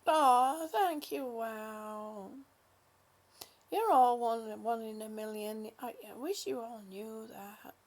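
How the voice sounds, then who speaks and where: A woman's voice: fairly high pitch, takes it slowly, a little mellow. A woman hosting a casual livestream, chatting affectionately with viewers and calling them honey and sweetie. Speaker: livestream host. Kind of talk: casual livestream chat reading viewer comments.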